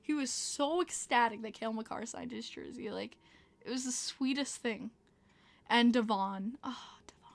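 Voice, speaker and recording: A woman's voice: a little high, normal speed, gravelly. A young woman with a Long Island accent, hosting a podcast and telling stories in casual chat, laughing often. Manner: bubbly storytelling, laughing often. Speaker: podcast host.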